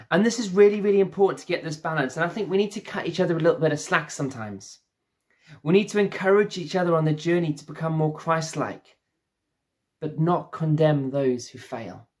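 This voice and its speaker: A man's voice: a little high, expressive, normal speed. A man preaching a sermon as pastor, earnest and repeating phrases for emphasis.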